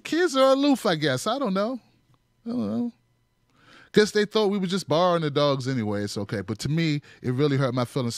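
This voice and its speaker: Guy ranting sarcastic about politics on his show, higher voice, dry sound. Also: a bit bright, dry recording. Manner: punchy, sarcastic, mocking asides. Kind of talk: animated political commentary.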